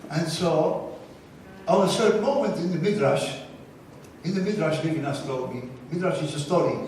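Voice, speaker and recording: Older male lecturer in echoey hall. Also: high voice. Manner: halting, restarts words, repeats for emphasis. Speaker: plenary lecturer. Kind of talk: academic lecture with storytelling. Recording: echoey hall, mic far off, faint noise.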